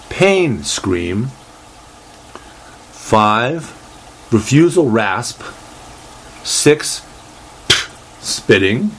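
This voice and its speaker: Slow, halting male talk-show host. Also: on the low side, a little hiss or hum. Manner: slow, halting reading aloud with many fillers and restarts. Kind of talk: casual solo talk show.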